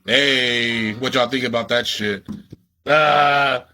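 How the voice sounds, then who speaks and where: A man's voice: fairly low pitch, steady tone, brisk, a bit bright, soft background music. Laid-back man hosting a livestream. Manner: laid-back, profane, talks straight to viewers. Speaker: livestream host. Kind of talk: casual livestream chat.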